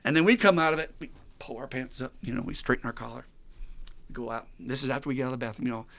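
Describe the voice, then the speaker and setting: A man hosting a podcast, telling stories in a casual, animated and profane way. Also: medium pitch, rapid-fire, gravelly, no room sound. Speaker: podcast host. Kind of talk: casual chat.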